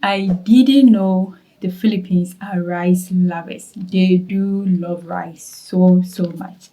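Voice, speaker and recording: A woman's voice: fairly low pitch, steady tone, takes it slowly, warm tone, poor audio. Young Ghanaian woman, Ghanaian accent, casual travel vlogger, chatty, repeats for emphasis, talks straight to viewers. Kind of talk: casual travel vlog chat.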